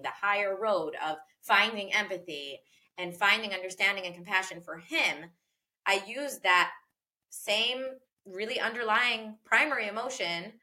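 Woman, bright clear voice, earnest, reflective, casual podcast chat, lots of "like" and "you know". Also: mid-range voice. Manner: earnest and reflective, with many fillers and repeated phrases. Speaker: parenting educator in a podcast conversation. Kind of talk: casual conversational podcast talk.

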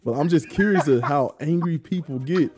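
A man's voice: a little high, normal speed, a little mellow, faint music behind. A male podcast host in a casual sports debate, teasing his co-host and reading viewer comments.

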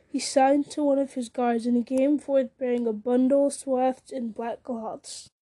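A woman's voice: sits high, steady tone, unhurried, few pauses, warm tone. A woman reading a fantasy novel aloud, often stumbling and restarting words. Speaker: reader.

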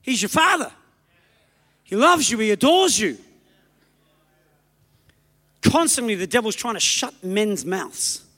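Preacher, male, very high and bright voice, emphatic exhortation, long hall reverb. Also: sing-song, husky. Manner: emphatic, exhorting, rapid bursts. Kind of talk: sermon.

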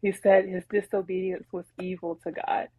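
A woman co-hosting a podcast, retelling a Bible story in casual chat with animated, laughing energy. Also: lowish voice, moderate pace, slightly rough, no room sound, rough recording. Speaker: podcast co-host.

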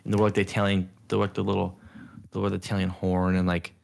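A young man co-hosting a podcast, chatting casually, rambling with lots of filler words and slipping into animated impressions. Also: low-pitched, fast talker, gravelly. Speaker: podcast co-host. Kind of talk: casual chat.

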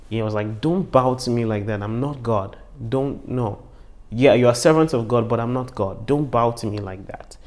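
A male pastor delivering a sermon at a medium pitch. He moves between quiet, hushed passages and loud, emphatic stretches. His preaching stays lively throughout.

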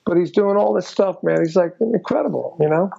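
An older man telling stories as an interview guest, rambling and filling every pause with "you know". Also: high-pitched, vocal fry, mellow, husky. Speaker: guest musician. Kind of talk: casual storytelling interview. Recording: dull lo-fi recording.

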